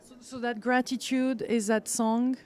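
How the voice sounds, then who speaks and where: Lady interviewer, higher voice, thoughtful questions. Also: level tone, unhurried, darkish tone.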